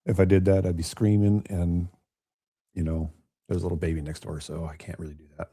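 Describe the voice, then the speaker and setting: A man with a chest cold commentating a pool match from home, raspy and hoarse, chatting and joking straight to his viewers. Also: sits low, flat delivery, fairly quick, warm tone. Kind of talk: casual live commentary. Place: at home, quiet room.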